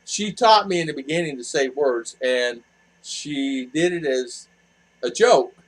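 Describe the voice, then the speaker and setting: A man's voice: mid-range voice, unhurried, low-quality recording. A man hosting a casual live chat with viewers, rambling with lots of fillers and restarts. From expat living in the Philippines. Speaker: vlog host answering viewer chat.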